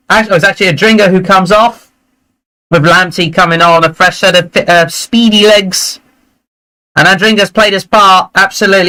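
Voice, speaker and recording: Guy live commentating footy, fairly high voice, gets excited, chatty. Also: poor audio. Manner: excitable, chatty, reacts loudly to play. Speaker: football watchalong host. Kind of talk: live match commentary and chat.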